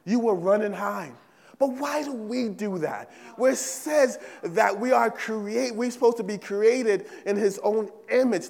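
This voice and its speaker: High-voiced man preaching in a reverberant hall. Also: a little slow, creaky, darkish tone. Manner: emphatic preaching, repeats phrases, asks "right?" often. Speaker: pastor. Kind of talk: sermon. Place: church sanctuary.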